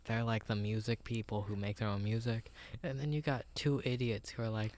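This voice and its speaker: A man's voice: on the low side, fairly even intonation, fairly quick, a little mellow. A young man co-hosting a podcast in whispered role-play, rambling and laughing at the idea. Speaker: podcast co-host.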